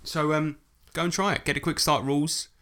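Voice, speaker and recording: A man's voice: on the high side, fairly even intonation, fairly quick, sharp tone. A man co-hosting a podcast in casual, jokey chat, laid-back and sweary with lots of "so, um". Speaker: podcast co-host.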